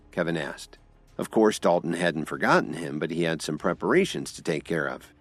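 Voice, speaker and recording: A man narrating a scripted audio drama with expressive storytelling. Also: deep voice, moderate pace, no room sound, faint music behind.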